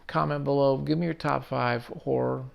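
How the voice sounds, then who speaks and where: A man's voice: medium pitch, fairly even intonation, moderate pace, creaky. A man hosting his own channel, rambling casually and swearing lightly as he talks through a story late at night. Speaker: video essay host.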